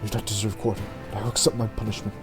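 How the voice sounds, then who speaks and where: A man's voice: lowish voice, little pitch movement, racing, close to an everyday voice. A man reading the lines of a stern female rogue trader judge in a formal, declamatory way, in his own voice. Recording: background game music.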